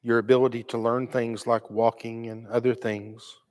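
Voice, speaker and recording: A man from the United States preaching a sermon, telling a story with animated delivery and acting out the quotes. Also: medium pitch, normal speed. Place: church. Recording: long reverb of a church hall.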